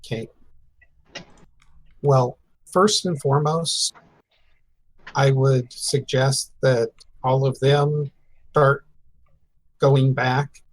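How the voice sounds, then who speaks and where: A man playing a rogue in a tabletop game, laying out his plans slowly and deliberately. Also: mid-range voice, fairly even intonation, low-quality recording. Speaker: player.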